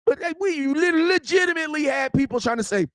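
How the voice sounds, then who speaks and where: A man hosting a sports vlog, ranting casually in a slangy, joking, animated way. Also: extremely high pitch, fairly quick, dry recording, studio quality. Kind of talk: casual unscripted rant.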